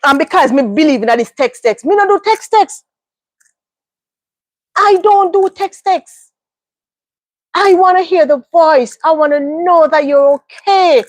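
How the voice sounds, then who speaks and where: High-voiced woman, dry sound. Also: expressive, a little slow, long pauses, no echo. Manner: emphatic, repeats phrases for stress. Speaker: livestream host. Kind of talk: casual advice monologue.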